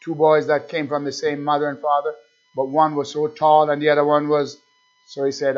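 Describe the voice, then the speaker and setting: A male pastor preaching a sermon in an animated way, firing rhetorical questions at the congregation. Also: a little high, brisk. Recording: dull lo-fi recording with faint music.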